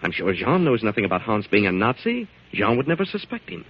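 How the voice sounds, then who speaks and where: An actor in a 1940s radio drama playing a smooth, evasive man who calms his fiancée while stammering nervously. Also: fairly low pitch, a little fast. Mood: soothing. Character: evasive smooth-talking man hiding a secret. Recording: dull old radio recording.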